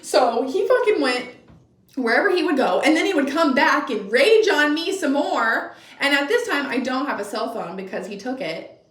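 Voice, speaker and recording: A young woman spins a casual storytime tale for her vlog, blunt and animated, cursing freely. Her voice sits a little high. She is a bit back from the mic in an echoey room. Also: normal speed, recorded from a distance. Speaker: vlogger.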